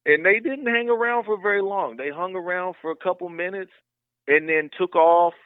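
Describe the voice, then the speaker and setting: A man's voice: high-pitched, normal speed, clear, resonant tone, no echo. A middle-aged man from West Virginia, a podcast guest telling a story in a meandering way and searching for his words. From West Virginia, USA. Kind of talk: casual storytelling over a call. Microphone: phone call. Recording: tinny phone line.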